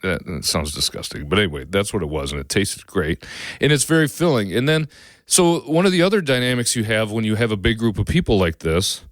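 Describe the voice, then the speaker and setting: Folksy male podcast host, very deep voice, dry booth sound, loose rambling delivery. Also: fairly quick, no echo. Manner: rambling, folksy, lots of restarts and fillers. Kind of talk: casual cooking podcast talk.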